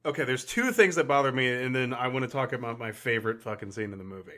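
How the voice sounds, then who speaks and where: A man's voice: mid-range voice, expressive, fast, a bit bright. A man co-hosting a podcast, casually retelling movie scenes, acting out the characters' lines and swearing now and then. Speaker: podcast co-host. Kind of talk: casual chat.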